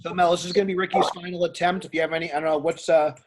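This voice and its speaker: High-voiced calm male coach. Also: racing, noisy background. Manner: calm, reassuring, low-key. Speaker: powerlifting coach. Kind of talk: casual coaching and interviewing.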